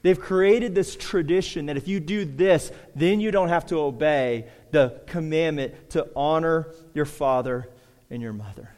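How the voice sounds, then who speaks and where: Male pastor, sermon delivery, higher-pitched voice, big dynamic swings between fervent peaks and hushed drops, long hall reverb. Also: unhurried.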